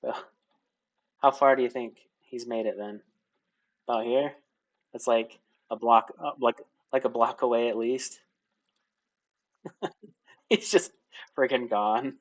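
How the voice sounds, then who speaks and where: A man's voice: mid-range voice, slow pace, long pauses, muffled recording. A young man narrating as game master in casual, laugh-filled speech with many fillers.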